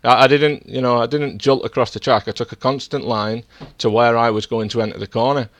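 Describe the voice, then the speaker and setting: Man, racing streamer, defensive, lecturing, quick talker. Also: mid-range voice, fairly even intonation, no room sound. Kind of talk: heated in-game voice chat argument.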